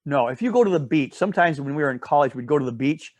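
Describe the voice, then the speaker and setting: A man's voice: fairly high pitch, lively intonation, quick pace, darkish tone, dry recording. Rambling man leading a Bible study. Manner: rambling storyteller with many asides and self-corrections; often asks "all right?" to check in with listeners. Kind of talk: casual Bible study teaching.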